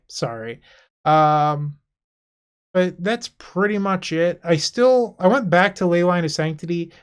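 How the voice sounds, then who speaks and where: Young male channel host, casual gaming chat, blunt and a bit exasperated. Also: a little high. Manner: frank, slightly exasperated, talks straight to viewers. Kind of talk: casual gaming commentary to camera.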